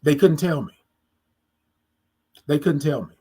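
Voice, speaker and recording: Woman host, casual storyteller; animated, acts out the back-and-forth, repeats lines for emphasis, speaks right to her audience. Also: low-pitched, measured pace, breathy edge. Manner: animated, acts out both sides of conversations; talks straight to listeners, repeats phrases for emphasis. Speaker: podcast host.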